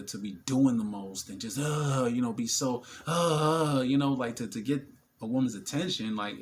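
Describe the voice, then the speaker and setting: A man tells stories in a loose, slangy monologue. His voice is gravelly at mid pitch, and he animates his stories by acting out other people. A faint hiss sits behind him. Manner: slangy, many fillers. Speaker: vlogger. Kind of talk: casual storytelling monologue.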